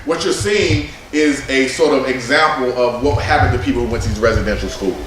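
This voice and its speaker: A man presenting with slides at a conference, animated and conversational, slipping into other people's voices when he quotes them. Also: mid-range voice, brisk, noisy background. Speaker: presenter at a men's summit. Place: conference room. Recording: roomy hall sound with faint ambience.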